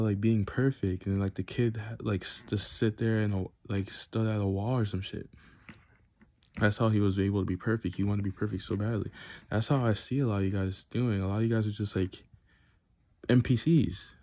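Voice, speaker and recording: A young man talks straight to his viewers in a loose, rambling monologue full of fillers and heavy swearing. His voice sits low and dark. The sound is dry and close. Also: no room sound. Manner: profane, ranting, filler-heavy. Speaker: vlogger. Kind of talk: casual monologue to camera.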